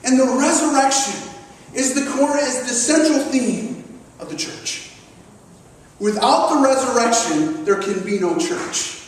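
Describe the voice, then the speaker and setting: Male pastor, very high voice, emphatic sermon delivery, recorded from a distance in a big reverberant hall. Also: a little slow. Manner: emphatic, acts out the disciples and Thomas. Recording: echoey hall recorded from far off.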